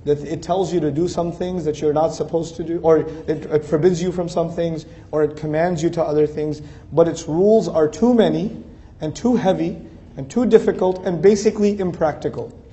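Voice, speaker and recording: A man's voice: a little high, steady tone, moderate pace, warm tone. A man giving an earnest religious lecture, building lists of phrases and rising to emphatic peaks. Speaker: Islamic speaker. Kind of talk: lecture to a Muslim audience.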